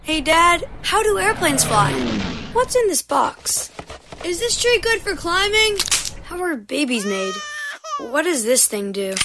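A man's voice: very high voice, sing-song, a little slow, noisy background, voice pushed up, heavily acted. A man doing a curious little kid. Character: curious young child asking dad questions.

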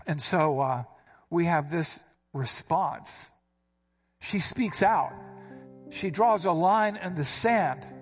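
A man's voice: a little high, takes it slowly, slightly rough, faint music behind. A man preaching a sermon, teaching verse by verse in an emphatic, explaining manner. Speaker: pastor.

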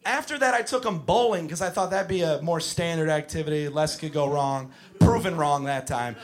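A young man telling a stand-up story, animated and shouting his exasperated punchlines, recorded live on stage. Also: a little high, normal speed. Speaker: stand-up comedian. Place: comedy stage before audience. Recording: live show with crowd laughter.

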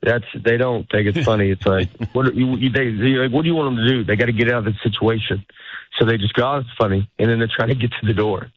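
A man's voice: medium pitch, fairly even intonation, quick pace, no room sound. A middle-aged man, a stand-up comedian, chatting casually and rambling, acting out the lines he quotes. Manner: rambling, self-interrupting, acts out quoted lines. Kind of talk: casual interview chat. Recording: dull lo-fi sound.

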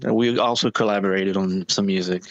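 Man, low voice, dry dull sound, casual hesitant answers. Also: steady tone, dry recording. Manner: halting, many restarts and fillers. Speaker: touring musician, interview guest.

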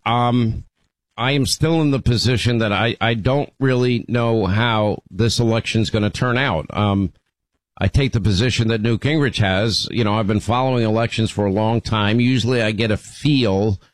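A fairly low-voiced man runs a call-in radio talk show, chatting with callers and often going back to restart his sentences, repeating words along the way. The studio microphone recording is dry and rough.

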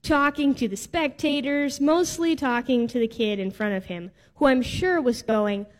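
Woman preacher, heartfelt storytelling, slightly high voice, long hall reverb. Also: moderate pace, few pauses. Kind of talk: sermon storytelling.

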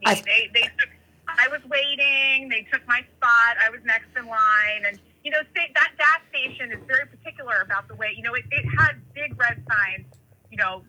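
A woman from California telling animated, rambling stories in casual chat, full of tangents and fillers. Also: on the high side, moderate pace, poor audio.

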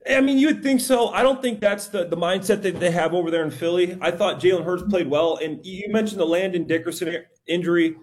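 A middle-aged former player giving casual football analysis, conversational and tripping over names now and then. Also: male voice, high-pitched, brisk, few pauses. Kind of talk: casual sports chat.

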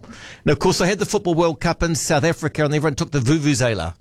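A slightly high-voiced man hosts a radio call-in show from a dry studio mic. He chats casually, thinks out loud and teases callers in a friendly way. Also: expressive, fast talker, no echo. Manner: chatty, musing aloud, friendly teasing. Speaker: radio talkback host.

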